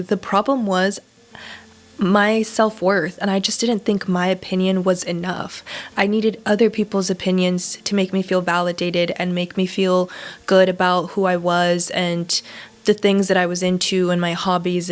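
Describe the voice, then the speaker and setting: Candid young woman vlogging, casual and emphatic. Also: mid-range voice. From Southern California. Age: 20s. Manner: casual, emphatic, frequent swearing and fillers. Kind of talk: candid personal vlog talk.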